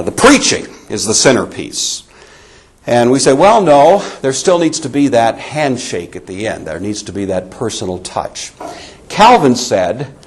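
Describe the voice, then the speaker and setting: A man delivering a sermon-style Bible lecture. His pitch sits in the middle of the range but moves a great deal, rising and falling as he stresses points. He talks to the congregation conversationally and with emphasis. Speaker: Bible teacher.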